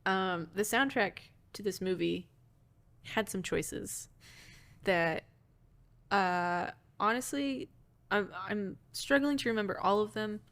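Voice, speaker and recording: A woman's voice: mid-range voice, slow, fairly bright tone. A woman co-hosting a podcast, chatting casually about a movie with many fillers and laughs. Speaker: podcast co-host.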